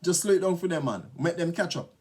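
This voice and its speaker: A man with a Jamaican accent talking casually to camera in a relaxed, chatty way, slipping into patois and often asking "you know?". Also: fairly high pitch, fast talker, slightly rough. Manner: relaxed, chatty, mixes patois into English, frequent tag questions. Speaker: vlogger. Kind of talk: casual spoken monologue to camera.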